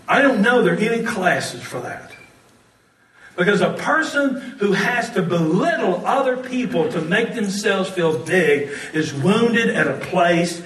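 A man preaching a sermon, telling stories in an animated way and often laughing as he talks. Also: high voice, reverberant, recorded from a distance, low-quality recording. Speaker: pastor.

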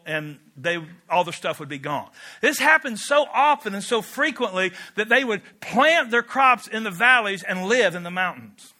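A man's voice: sits high, bright, forceful tone. A man preaching a sermon as pastor, emphatic and storytelling, with conversational asides.

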